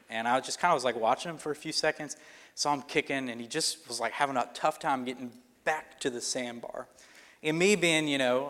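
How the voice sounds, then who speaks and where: A pastor telling a personal story in a sermon, in a loose conversational way with fillers and restarts. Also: male voice, medium pitch, fairly bright tone. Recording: long reverb of a hall.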